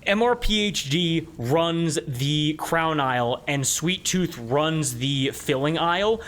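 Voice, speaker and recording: A man's voice: fairly high pitch, slow pace, a bit bright. A man narrating a tabletop game as game master, rambling with many fillers.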